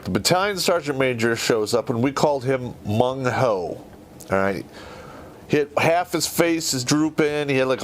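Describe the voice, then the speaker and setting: Male podcast host, casual storytelling, swears constantly, lively pitch, middle voice. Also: a little hiss or hum. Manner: profane, rambling and conversational.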